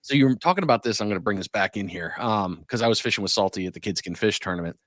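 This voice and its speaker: Chatty low-voiced man, dry close mic. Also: lively intonation, rapid-fire, fairly bright tone, dry recording. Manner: chatty, jokey storyteller who laughs easily. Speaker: podcast host. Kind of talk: casual podcast interview.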